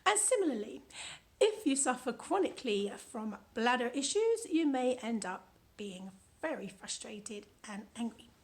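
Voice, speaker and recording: A British woman reads aloud from a book she wrote, adding playful, chatty asides as she goes. Her voice sits a little high. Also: big pitch swings, normal speed. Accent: British English. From United Kingdom. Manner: chatty and playful, laughs at her own lines. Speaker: author reading from her own book. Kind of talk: casual book reading with commentary.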